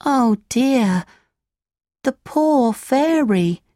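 A woman voicing an eager, cheerful wooden puppet boy in a children's storybook reading, in a much higher voice than her own. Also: extremely slow, no echo, clean studio sound, full character voice. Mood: earnest. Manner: excited, high and bright. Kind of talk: storybook character voice.

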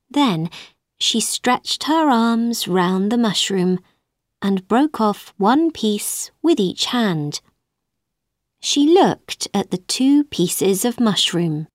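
A woman narrating a children's storybook, reading slowly, clearly and expressively. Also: medium pitch, expressive, dry recording, studio quality.

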